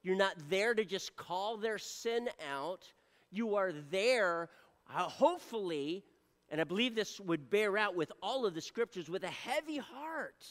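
Earnest pastor with a lively, high voice. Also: male voice, measured pace, in a large hall. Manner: earnest preaching, swings from loud appeals to soft near-whispers. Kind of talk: sermon. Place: church.

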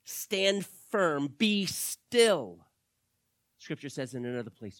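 A pastor preaching a sermon to his church, swinging between hushed words and loud, fervent calls. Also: fairly high pitch, sing-song, slow pace, no room sound, clean studio sound. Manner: dramatic, swings from hushed to shouting.

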